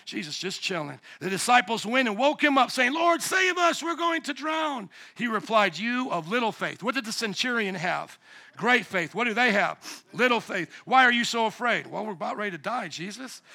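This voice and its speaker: Middle-aged male pastor, lively sermon delivery, high voice with a very bright edge. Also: normal speed, gravelly. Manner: animated, shouting at peaks, acts out voices. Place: church sanctuary.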